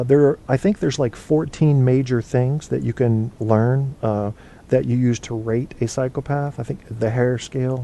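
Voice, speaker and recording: A man's voice: medium pitch, creaky, warm tone. A man hosting a casual live internet show, answering chat in a rambling, profane, think-aloud way. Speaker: internet radio host.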